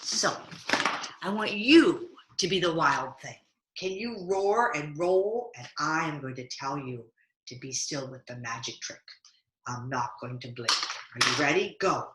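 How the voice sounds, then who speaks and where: A woman's voice: deep voice, lively intonation, measured pace, reverberant, background noise. A woman teaching yoga to children over a video call, playfully coaching them through a picture-book story. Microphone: video call mic.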